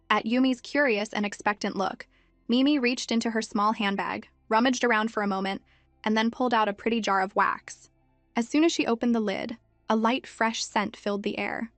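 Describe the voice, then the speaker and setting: A woman narrates a story recap in an even, measured way. Her voice sits a little high and sounds dry and close, with soft music playing underneath. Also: dry recording.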